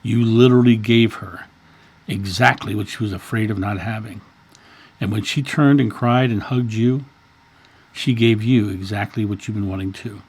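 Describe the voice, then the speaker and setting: Man in his fifties, gravelly, husky, earnest storyteller, casual monologue. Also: lowish voice, fairly even intonation, moderate pace, darkish tone. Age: 50s. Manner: earnest, repeats words while telling a story. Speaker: spiritual channel host.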